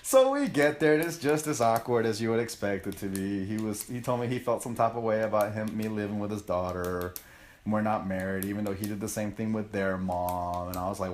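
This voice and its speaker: A man's voice: lowish voice, brisk, a little mellow. A young man hosting a podcast, telling a story in a casual, rambling and profane way with plenty of self-mockery. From United States. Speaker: podcast host.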